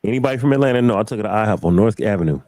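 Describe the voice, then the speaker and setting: A man with a low, mellow voice hosts a casual talk show. He tells stories in an animated way and acts out the quotes. The sound is dry and close. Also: rapid-fire, no echo. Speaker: podcast host. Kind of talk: casual chat, storytelling.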